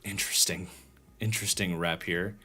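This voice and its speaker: A man's voice: low voice, fairly even intonation, normal speed, pushed and bright, breathy edge, soft background music. A tired man hosting a livestream, casually breaking down football game film and thinking aloud with frequent restarts. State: tired, yawning. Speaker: host and football draft analyst.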